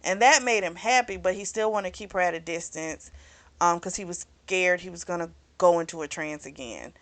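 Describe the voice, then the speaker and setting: A woman's voice: lowish voice, brisk, no echo. A woman reviewing a book in a casual recap, rambling with plenty of fillers and blunt swearing. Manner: rambling, frank, swears freely, lots of fillers.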